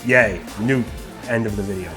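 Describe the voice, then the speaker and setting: A young man hosting his barbecue channel, chatting casually while tasting brisket and sometimes talking with his mouth full. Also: fairly low pitch, a bit bright, faint music behind. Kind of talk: casual cooking vlog, tasting and reviewing.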